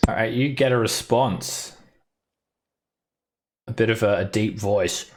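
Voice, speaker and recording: A man narrating as game master, halting and searching for words. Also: fairly low pitch.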